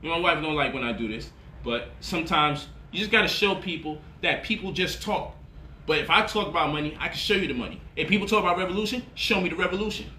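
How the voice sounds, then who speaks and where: A man's voice: fairly high pitch, expressive, quick pace, sharp tone, slight background noise. A man talking as a money vlogger in a casual, boastful monologue, swaggering and profane. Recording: roomy echo, voice off-mic.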